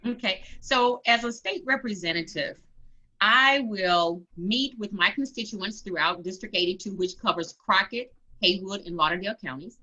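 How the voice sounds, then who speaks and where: A woman's voice: mid-range voice, bright, forceful tone. A woman running for office, telling her story earnestly in an interview, with emphatic repeats. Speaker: political candidate. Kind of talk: interview conversation. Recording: dull lo-fi sound.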